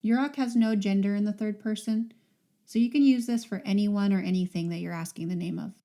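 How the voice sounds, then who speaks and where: A woman's voice: medium pitch, a little fast, warm tone. A woman hosting a podcast language lesson, patiently modelling sounds and words for listeners to repeat.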